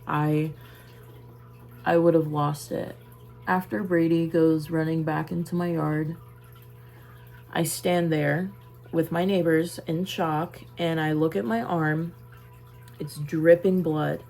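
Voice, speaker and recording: Low, gravelly young woman telling her story. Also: steady tone, slow pace, long pauses, darkish tone. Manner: casual, emphatic, repeats phrases. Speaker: vlogger. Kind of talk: personal storytelling to camera.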